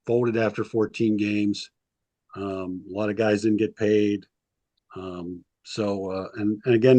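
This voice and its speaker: A man's voice: lowish voice, darkish tone, no echo, highs cut off. A man, a sports historian being interviewed, telling long anecdotes casually, with lots of ums and little acted-out quotes. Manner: rambling anecdotes with frequent ums, acts out quotes. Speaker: sports historian and author, guest.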